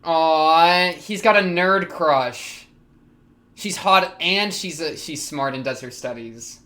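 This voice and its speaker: Young male reaction streamer, higher-pitched, excitable and chatty, talks back to the screen. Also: takes it slowly. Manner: excitable, laughs often, talks to the characters on screen. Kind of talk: casual reaction commentary.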